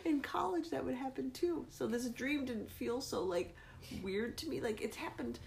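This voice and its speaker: A woman's voice: high-pitched, moderate pace, gravelly, a little mellow, a little hiss or hum. A woman in her forties hosting a podcast, telling rambling personal stories in a casual chat and laughing often. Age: 40s. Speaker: podcast host.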